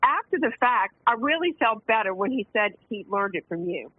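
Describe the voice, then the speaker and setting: A woman calling in to a radio show, telling a family story in an animated way, laughing often and acting out the quotes. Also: fairly high pitch, normal speed, no echo. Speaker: caller. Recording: phone line.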